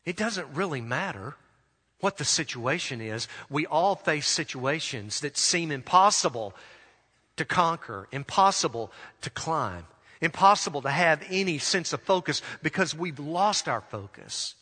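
Guy preaching a sermon, bright forceful voice, kinda high, big hall echo. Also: lively intonation, husky. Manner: earnest preaching, slows for emphasis. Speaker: pastor. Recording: long hall reverb.

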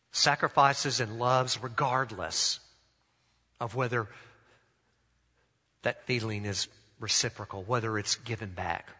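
A man preaching a sermon, drawing out phrases and letting his sentence endings fall soft. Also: mid-range voice, long reverb tail. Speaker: pastor.

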